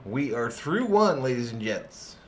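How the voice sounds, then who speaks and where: Doing fan play-by-play at a watch party, a man speaks at medium pitch and an unhurried pace, with slight background noise. He's lively and full of jokes, reading out chat names as he calls the game and responds to viewers.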